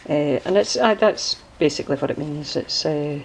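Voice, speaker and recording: A Scottish woman with a lowish, animated, slightly mellow voice speaks at a measured pace, casually showing off a handmade journal she crafted and drifting into explanations of local sayings. It's a relaxed show-and-tell video, roughly recorded with a bit of hiss or hum.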